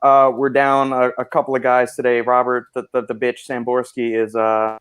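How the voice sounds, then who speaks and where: A man's voice: mid-range voice, monotone, moderate pace, a bit bright, smooth. A man hosting a podcast in a joking, teasing way, often breaking into laughter. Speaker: podcast host. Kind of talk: casual podcast chat.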